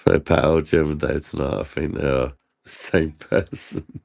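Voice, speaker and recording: A man's voice: a bass voice, fairly even intonation, moderate pace, creaky, a little mellow. A man drinking and joking through a casual livestream, reading comments aloud and laughing often. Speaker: livestream host.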